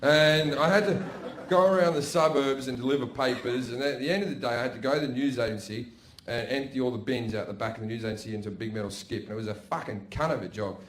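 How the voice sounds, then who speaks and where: A man's voice: medium pitch, fast. A middle-aged man with an Australian accent doing a crude, swearing stand-up set. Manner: crude, swearing storyteller with a brash delivery. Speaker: stand-up comedian. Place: comedy stage before a live audience. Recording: echoey live venue with audience noise.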